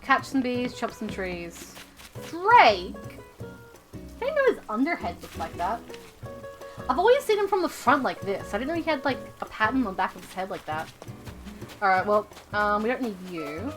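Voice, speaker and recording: A woman's voice: fairly high pitch, sing-song, normal speed, long pauses, soft background music. A woman streaming a video game live, chatting casually and rambling, often repeating her own phrases.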